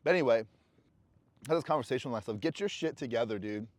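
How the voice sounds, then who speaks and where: With no room sound at all, a mid-range male voice comes through quick and animated. He's a vlogger smoking a cigar and rambling candidly to camera, his casual motivational talk full of blunt, profane self-talk.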